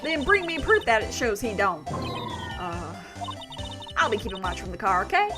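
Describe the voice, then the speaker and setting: A woman's voice: on the high side, very animated, normal speed. Woman doing a Southern accent, scheming photographer gal, folksy drawl, game read-aloud, music behind. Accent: put-on American Southern. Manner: folksy drawl, wheeling and dealing. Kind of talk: reading a video game aloud.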